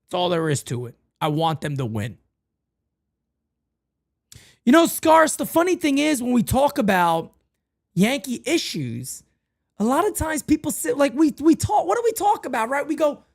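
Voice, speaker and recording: A man's voice: very high-pitched, big pitch swings, normal speed, gravelly, pauses often. A man hosting a sports talk show, ranting emphatically and repeating phrases for weight. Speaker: podcast host.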